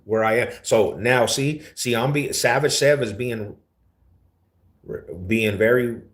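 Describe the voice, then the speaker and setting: A man with an East Denver accent, hosting a casual livestream and answering viewers in laid-back, slangy talk. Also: lowish voice. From Denver, USA. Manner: laid-back slangy talk, calls people homie and fool. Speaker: livestream host.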